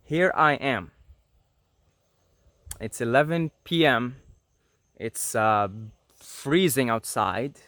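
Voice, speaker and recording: A man's voice: medium pitch, expressive, slow pace, pauses often, fairly bright tone, dry recording, clean studio sound. A man hosting a spiritual teaching video, talking earnestly to camera and repeating points for emphasis. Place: apartment at night.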